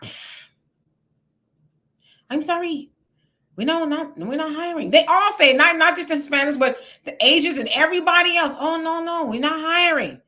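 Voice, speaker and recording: A woman's voice: medium pitch, pushed and bright. A woman hosting a casual livestream, reading viewer comments aloud and reacting to them as she talks straight to her audience. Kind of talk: casual live chat.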